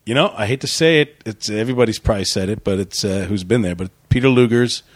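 A man hosting a casual comedy chat, playful and argumentative, riffing with jokey deadpan bits. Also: fairly low pitch, quick pace, dry recording, studio quality. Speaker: podcast host.

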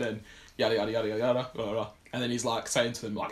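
A man's voice: mid-range voice, steady tone, racing, fairly bright tone. A man casually recapping a film plot on a podcast, rambling with lots of fillers. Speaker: podcast co-host. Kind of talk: casual film review chat.

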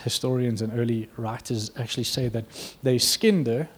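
With a breathy edge to his mid-pitched voice, the preacher speaks at a normal speed, telling the story energetically, acting out quotes, and laughing from time to time.

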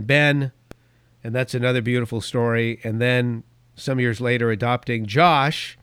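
A man's voice: mid-range voice, fairly bright tone, smooth, no echo. Rambling, emphatic middle-aged male podcast host. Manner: rambling, emphatic, goes off on tangents. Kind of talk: opinion podcast commentary.

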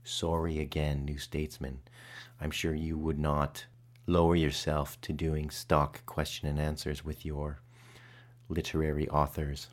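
A man's voice: extremely low pitch, completely flat delivery, measured pace. A man hosting a podcast while hungover, chatting casually with self-deprecating, mumbled asides. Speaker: podcast host.

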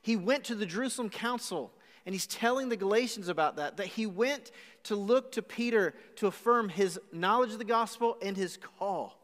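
A man with a high, bright-sounding voice preaches a live sermon and acts out the voices inside his story. The sound rings with a long church-hall reverb, recorded live in a large auditorium. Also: normal speed. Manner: animated storytelling with acted-out asides. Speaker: pastor.

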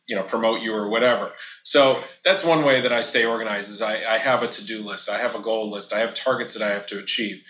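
A man, a business owner guest, talking casually in an interview and acting out quoted dialogue with lively energy. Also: mid-range voice, roomy sound. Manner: animated, acts out quoted dialogue.

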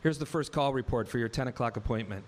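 A man's voice: medium pitch, fast. Man telling a wry live story. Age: 30s. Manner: wry, vivid, acts out his own dialogue. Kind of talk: first-person story told live on stage.

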